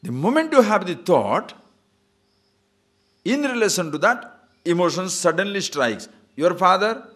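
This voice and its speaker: A man teaching scripture as a swami in a spiritual discourse, teasing his listeners with rhetorical questions and chanting short verses slowly. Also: sits high, sing-song, fairly bright tone. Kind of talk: spiritual discourse to a live audience.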